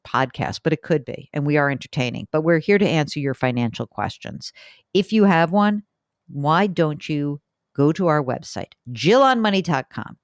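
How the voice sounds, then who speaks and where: A middle-aged woman hosts a money podcast, her low voice captured at studio quality with no echo. She chats casually and with animation, laughing easily.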